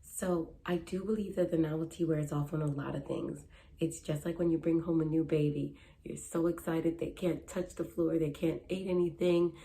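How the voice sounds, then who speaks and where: A young woman speaks in a casual advice vlog, earnest and chatty, driving her points home through repetition. Her voice sits slightly low and sounds warm and mellow. A faint ambient hum stays under her throughout. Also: steady tone, moderate pace, creaky. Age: young adult. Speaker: matchmaker.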